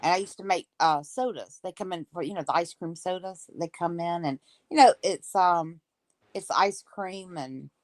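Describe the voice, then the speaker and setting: A woman's voice: lowish voice, moderate pace, a little mellow. A woman with a Southern American accent in casual chat, explaining things in a rambling, hesitant way. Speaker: co-host.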